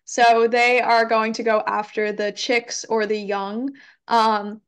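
Higher-pitched woman giving a casual talk. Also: flat delivery, takes it slowly, clean tone. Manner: frequent ums, hedging, conversational. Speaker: environmental educator giving a talk. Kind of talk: casual presentation with Q&A.

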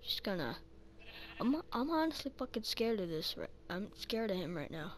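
A woman hosting a gaming channel talks through a game in casual let's-play style, muttering slowly and cursing often. Her mid-range voice is very animated, with a bit of hiss or hum.

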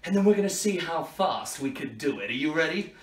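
An energetic young superhero, put on by a man, calling out countdowns and cheers to a crowd of children. His voice leaps around with lively swings in pitch. It is picked up from a distance in an echoey room. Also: fairly quick, lightly acted. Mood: excited. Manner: bouncy, shouty, cheering kids on. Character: upbeat young male superhero Spider-Man. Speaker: children's party entertainer. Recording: roomy, from a distance.

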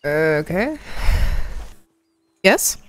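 A woman's voice: sits low, big pitch swings, drawn-out words, slight background noise. A woman streamer giving live commentary on her gameplay, laughing often and calling out to other players and her chat.

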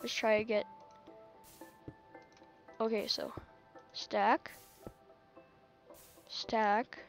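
A high-pitched woman narrating her own gameplay in a slow, unhurried way, chatting to herself and laughing often. Faint game music plays softly behind her. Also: little pitch movement, gravelly. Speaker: gaming channel host. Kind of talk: casual gameplay commentary.

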